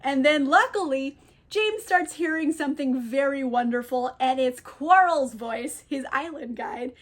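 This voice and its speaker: A young woman casually retelling a novel's plot, with lots of fillers and frequent laughter. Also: high-pitched. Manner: laughs often, lots of fillers, quick quoted asides. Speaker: book reviewer. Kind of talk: casual book recap.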